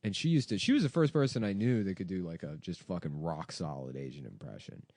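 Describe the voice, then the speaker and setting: A man's voice: low-pitched, lively intonation, fast talker, darkish tone, no room sound, studio quality. A man hosting a comedy podcast in casual, rambling chat, swearing freely and leaning on fillers. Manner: rambling, profane, filler-heavy.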